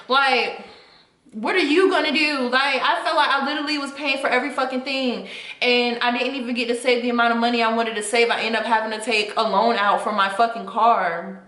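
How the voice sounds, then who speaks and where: Young woman vlogger, fairly high and bright, profane and heated, echoey room. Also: steady tone, brisk. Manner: heated, profane, venting to viewers. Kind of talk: casual storytime rant.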